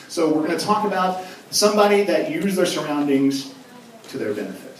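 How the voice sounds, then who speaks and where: Young youth pastor preaching in an echoey hall. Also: male voice, fairly high pitch, animated, fairly quick, far from the mic, a little hiss or hum. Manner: casual, joking, conversational preaching. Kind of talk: sermon. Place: large church hall.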